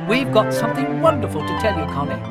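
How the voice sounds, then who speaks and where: A narrator voicing an excited, cheerful young mother with a bright, high, gushing manner. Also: quick pace, loud music behind the voice.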